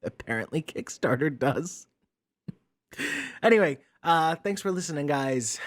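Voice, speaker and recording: A man's voice: on the high side, lively intonation, measured pace. A man hosting a commentary channel, ranting with exasperated sarcasm and often repeating words as he starts a sentence.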